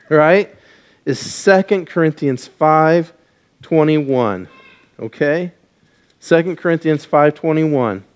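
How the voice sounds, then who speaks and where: A man with a somewhat high, smooth voice speaks slowly, leaving long pauses. Wearing a mic in a church sanctuary full of congregants, he gives a children's message, asking the kids questions and leading them in call-and-response.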